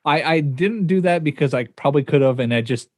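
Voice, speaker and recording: A man's voice: a little high, fairly quick, darkish tone, no echo, clean studio sound. A man co-hosting a casual podcast chat, rambling with many fillers and laughing at himself. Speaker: podcast co-host.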